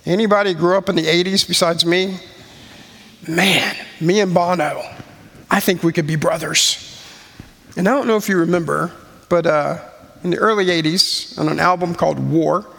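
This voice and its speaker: A man in his forties giving a sermon-style personal testimony, earnest and slow with pauses. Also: sits high, creaky, a bit bright. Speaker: speaker sharing testimony. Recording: long hall reverb.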